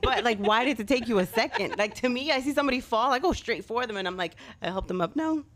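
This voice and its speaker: Expressive woman telling a story. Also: on the high side, quick pace. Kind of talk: casual group chat.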